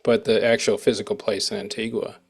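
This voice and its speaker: A man's voice: fairly low pitch, little pitch movement, a little fast, creaky, breathy edge. A man hosting a casual interview who rambles and breaks off mid-sentence, restarting his thoughts. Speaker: interview host.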